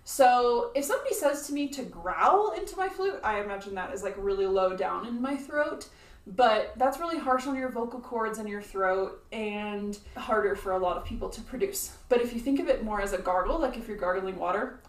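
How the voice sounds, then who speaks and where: A woman's voice: medium pitch, lively intonation, moderate pace, distant mic. Friendly woman teaching flute, roomy sound. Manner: friendly, clear explanations. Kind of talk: instructional video.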